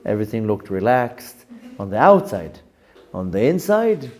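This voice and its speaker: A middle-aged rabbi giving a candid, self-questioning spoken lesson, now and then jumping high on a repeated question. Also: male voice, very animated, moderate pace, a little mellow.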